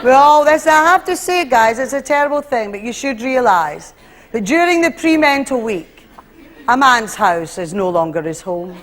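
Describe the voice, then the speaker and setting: High-voiced Scottish woman doing stand-up. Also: a little hiss or hum. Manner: animated, acting out voices in her routine. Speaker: stand-up comedian. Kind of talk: live stand-up comedy. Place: stage before a live audience. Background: audience laughter.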